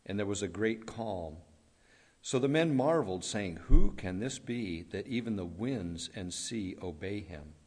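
A man reading a long scripture passage aloud in a measured, steady way. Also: lowish voice. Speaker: scripture reader.

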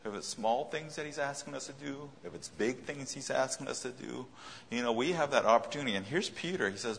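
A man's voice: medium pitch, brisk, creaky, a bit bright, big-room sound, slight background noise. A man preaching a sermon in a conversational way, often repeating his key phrases.

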